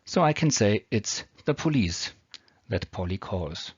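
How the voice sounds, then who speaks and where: Speaking a little slowly, a man with a lowish, slightly rough voice and big pitch swings explains English grammar over slides. His accent is non-native and his approach is patient and step by step. The audio is dry, dull and lo-fi, like a homemade recording.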